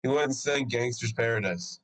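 A man's voice in the middle range moves along a little fast, though the recording quality is low. He's a podcast co-host telling a story with casual profanity, lively in manner and acting out what others said.

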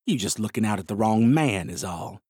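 A smug, menacing outlaw drawls low and slow, taking his time with every threat, voiced by a man reading a story. The recording is dry and close. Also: expressive, darkish tone, slightly rough, dry recording. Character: menacing tall male outlaw, smug bully.

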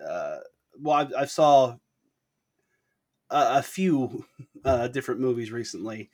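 Animated, self-deprecating podcast host man. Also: medium pitch, a little slow. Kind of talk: casual chat.

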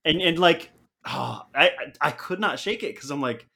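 Bright, opinionated podcast man. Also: on the high side, lively intonation, moderate pace, vocal fry. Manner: opinionated, builds his points with "like". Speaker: podcast co-host. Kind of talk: casual chat, movie review.

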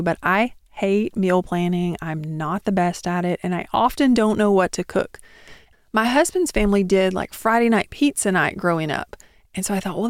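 A woman's voice: mid-range voice, smooth, dry recording, clean studio sound. A woman in her thirties hosting a solo podcast, talking in a chatty, encouraging way. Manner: chatty, encouraging, with small laughs. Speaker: podcast host.

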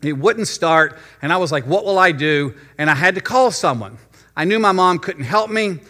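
Bright-voiced pastor telling a story. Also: male voice, sits high, animated. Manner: storytelling, slows down for emphasis. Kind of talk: sermon. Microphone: addressing remote viewers.

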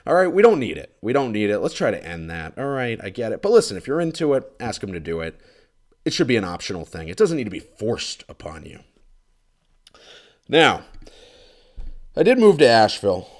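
Man, comedic solo rant, sarcastic and fed up, big pitch swings, close mic in a condo. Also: big pitch swings, moderate pace, pauses often. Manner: exasperated, sarcastic, swings between loud outbursts and muttered asides. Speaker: ranting commentator.

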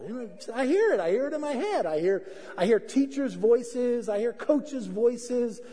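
A man's voice: sits high, lively intonation, moderate pace, mellow, big-room sound. A man preaching a sermon as pastor, telling stories in a conversational, self-deprecating way. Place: church hall.

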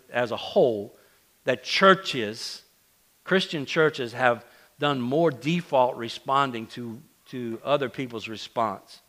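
Pushed and bright at a medium pitch, this middle-aged man's voice carries a loose, chatty sermon to his congregation in a church sanctuary. The pastor keeps restarting his sentences and poking fun at himself.

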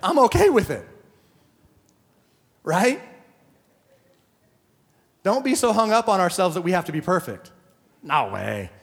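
A man's voice: high voice, sing-song, measured pace, vocal fry, pauses often. A male pastor preaching to a congregation, joking and acting out stories as he goes. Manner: joking, storytelling, acts out quotes. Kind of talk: sermon. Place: church hall. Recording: hall reverb.

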